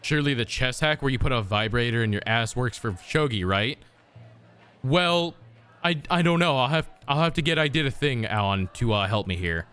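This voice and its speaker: A man's voice: medium pitch, expressive, normal speed, fairly bright tone, clean tone, faint music behind. A young man streaming a game, chatting casually, crude and exasperated, swearing a lot.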